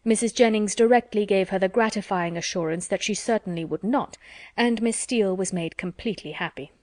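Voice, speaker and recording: A woman narrating a classic novel as an audiobook in a measured, even reading. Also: medium pitch, dry recording, clean studio sound.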